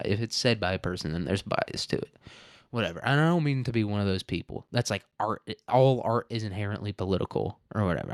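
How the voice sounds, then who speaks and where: A man's voice: lowish voice, no echo, clean studio sound. A man hosting a casual current-events commentary show, rambling and joking with plenty of profanity. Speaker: show host. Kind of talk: casual political commentary podcast.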